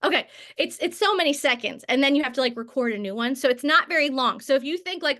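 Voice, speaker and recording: Woman trainer, high bright voice, rambling and friendly. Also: expressive, fast, few pauses. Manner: chatty, tangents and filler words. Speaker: network marketing trainer. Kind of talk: casual training talk.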